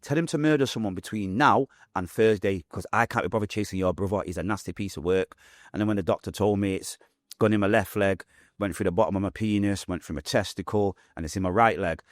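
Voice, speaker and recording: A young adult man from Manchester, England, with a Mancunian accent, tells his own story as a podcast guest. He talks fast and vividly in a lowish voice, acting out what people said. The recording is dry and clean, studio quality.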